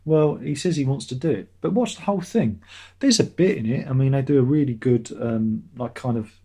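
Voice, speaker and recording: Rambling man, husky mellow voice. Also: mid-range voice, expressive, fairly quick. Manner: rambling, sarcastic, laughs at his own jokes. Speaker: live stream host reading chat. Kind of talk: casual chat.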